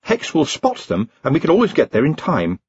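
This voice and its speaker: A man's voice: a little high, huge pitch swings, brisk, a little mellow, breathy edge, no echo, muffled recording, pitched above the performer's own voice, heavily acted. A man voicing an earnest, precise young wizard scholar who talks in an eager, matter-of-fact way.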